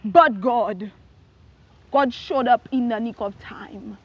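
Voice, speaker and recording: A woman gives a preached testimony in a high, emphatic voice, throwing out rhetorical questions and breaking into shouts. The sound is dry and close, with a slightly dull, muffled top end. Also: slow, husky, no room sound. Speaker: testimony speaker.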